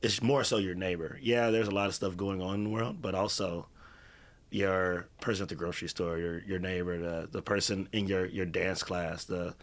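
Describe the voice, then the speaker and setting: A man from Cincinnati in a casual podcast conversation, agreeable and quick to laugh while telling stories. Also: sits low, fairly even intonation. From Cincinnati, USA. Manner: agreeable, laughs often, storytelling.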